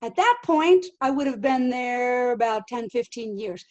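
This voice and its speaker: A middle-aged woman, a living history actress, answering interview questions in an animated way and acting out quotes. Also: fairly high pitch, unhurried, lo-fi sound. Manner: animated, acts out quotes and accents.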